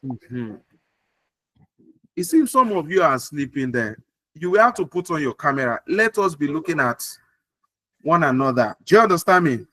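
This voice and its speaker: A man's voice: fairly high pitch, sharp tone, dry recording. A man teaching an online English grammar class on a video call, repeating points and asking if students follow. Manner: repeats points and checks understanding often. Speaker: English tutor.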